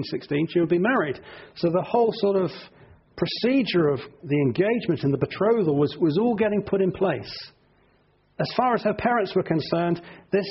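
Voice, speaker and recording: A man's voice: a little high, slightly rough, highs cut off. A middle-aged man preaching an earnest sermon to his congregation, often repeating words for emphasis.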